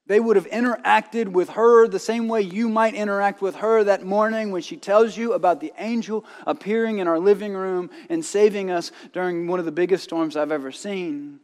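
Man preaching in an echoing church. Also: high voice. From North Carolina, USA. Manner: storytelling with dramatic drops to a hushed voice. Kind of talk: sermon with scripture reading and personal story.

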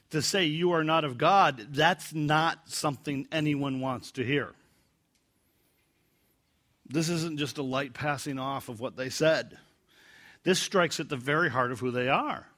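A man preaching verse by verse from the Bible, acting out quoted lines loudly and dropping to a quiet, low voice when he explains them. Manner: animated, acts out quoted lines with rising pitch and volume.

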